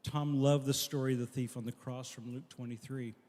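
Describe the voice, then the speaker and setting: A man's voice: medium pitch, flat delivery, a little fast. Earnest male pastor in an echoing hall. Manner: earnest storytelling, voice dropping soft at key lines. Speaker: pastor at a memorial service. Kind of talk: memorial sermon. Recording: long echo of a large hall.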